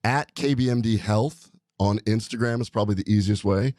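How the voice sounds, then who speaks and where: A man with a lowish voice hosts a casual podcast chat in a studio. He rambles along in an upbeat, excited way. The sound is close and dry. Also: moderate pace, no room sound. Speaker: podcast host, doctor.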